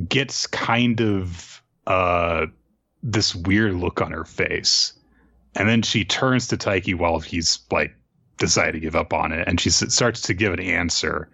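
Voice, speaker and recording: A man with a low voice recaps a manga chapter casually, now and then jumping into higher voices for the characters. The recording is dry and a bit dull, with no room sound. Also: no echo. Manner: animated, jumps into quick high voices for quoted characters. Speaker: podcast co-host.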